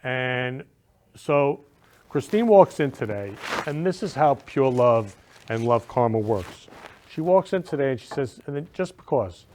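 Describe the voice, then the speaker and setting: A man's voice: mid-range voice, expressive, unhurried, a little mellow, a little hiss or hum. Gushing man hosting a show. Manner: gushing, effusive, sentimental. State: emotional, near tears. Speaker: talk show host. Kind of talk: casual live show chat.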